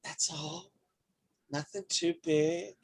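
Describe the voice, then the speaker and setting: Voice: mid-range voice, steady tone, slow pace, creaky, pitched above the performer's own voice. Player voicing a nervous, cheerful female angel. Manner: hesitant, stammering. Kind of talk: tabletop role-play in character.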